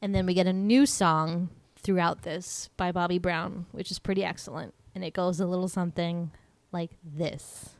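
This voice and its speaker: A woman's voice: fairly low pitch, fairly even intonation, moderate pace, no room sound. Woman co-host, casual chat, dry close sound, laughs and acts out quotes. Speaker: podcast co-host.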